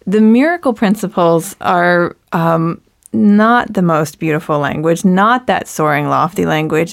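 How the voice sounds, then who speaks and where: Lady host, low gravelly voice, chatty and playful. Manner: chatty, playful, asks follow-up questions. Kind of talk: casual chat.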